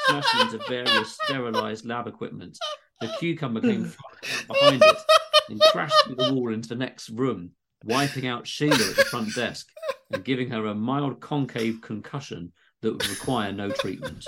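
A man's voice: medium pitch, huge pitch swings, normal speed, very noisy. A man from England, co-host of a comedy podcast, reading his comic short story aloud with a wry manner.

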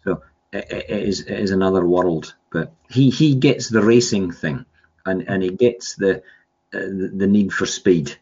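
A low-voiced man in his sixties rambles through his stories, full of fillers and restarts. The sound is dull and lo-fi. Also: normal speed, darkish tone, husky. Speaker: guest. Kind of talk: casual storytelling.

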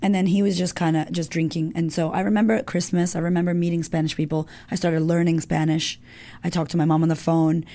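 A middle-aged woman speaks with a low, mellow voice that has a gravelly edge. She tells her own story frankly and with emotion, swearing freely as she goes. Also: little pitch movement, fast talker. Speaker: guest. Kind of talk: candid personal storytelling.

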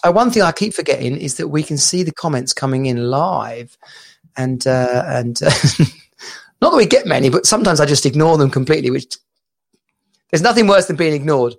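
Gravelly man hosting a chatty stream. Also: on the high side, lively intonation, moderate pace. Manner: chatty, rambling, laughs easily. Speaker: podcast host. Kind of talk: casual live-stream chat.

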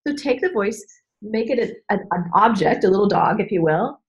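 A woman business coach in a candid podcast conversation, animated and emphatic, acting out voices and repeating key phrases. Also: mid-range voice, moderate pace, muffled recording. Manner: animated, acts out voices and inner dialogue.

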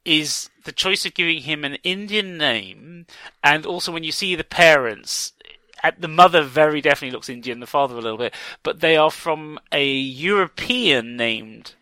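Lively, bright-voiced male podcast co-host. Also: a little high, moderate pace, dry recording. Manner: animated, laughs often, rambling restarts. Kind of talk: casual film discussion.

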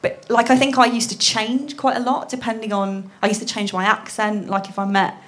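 A woman's voice: a little high, flat delivery, a little fast. A woman hosting a casual live chat, teasing her guest and giggling along. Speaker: podcast host.

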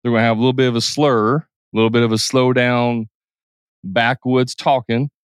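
A man hosting a solo podcast in an easygoing, unscripted way. His voice sits at an ordinary pitch. He often stretches his pace fast or slow to make a point. The recording is close and dry. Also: level tone, clear, resonant tone, no echo. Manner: shifts pace and pitch to illustrate, with quick impressions. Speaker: podcast host. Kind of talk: casual solo podcast talk.

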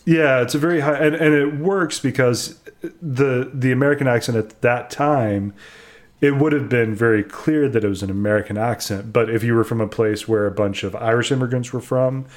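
A man's voice: medium pitch, steady tone, normal speed. A young man co-hosting a casual chat, giving an opinionated game review and explaining at length. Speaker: co-host reviewing a video game.

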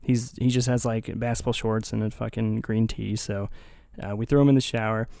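A man's voice: fairly low pitch, fairly even intonation, moderate pace, vocal fry, dark tone, no room sound, clean studio sound. A young man hosting a casual chat, telling a story in a laid-back way, laughing often and swearing casually. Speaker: podcast host.

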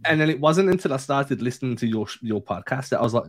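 A man's voice: medium pitch, expressive, fast, slight background noise. A man hosting a sports podcast, joking and bantering through a casual chat. He speaks with a non-American English accent. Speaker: podcast host.

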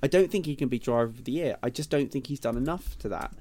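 A man hosting a casual podcast debate, halting and restarting often, quick to apologize. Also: mid-range voice, a little mellow. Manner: hesitant, self-interrupting, apologetic. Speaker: podcast host.

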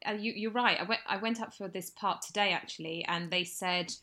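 Woman, thirties, bright tone, wry, self-deprecating, casual co-host chat. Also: mid-range voice, fairly quick. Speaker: podcast co-host.

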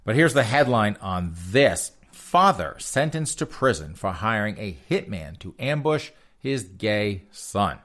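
A man's voice: lowish voice, sing-song, measured pace, hardly any pauses, a bit bright. A man hosting a podcast, reading odd crime stories aloud and mocking them in a folksy, sarcastic way, laughing often. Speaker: podcast host. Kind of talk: comedic news commentary.

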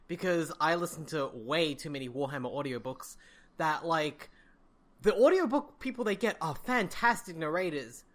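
A teacher co-hosting a podcast, chatting casually about audiobooks with emphatic, drawn-out pleas. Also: medium pitch, animated. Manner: emphatic, drawn-out pleading asides. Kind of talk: casual book-club chat.

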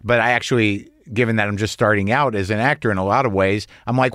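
A man's voice: lowish voice, fairly quick, hardly any pauses, a bit bright, dry recording, studio quality. A man hosting a podcast interview, chatty and joking, with blunt, casual swearing. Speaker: podcast host.

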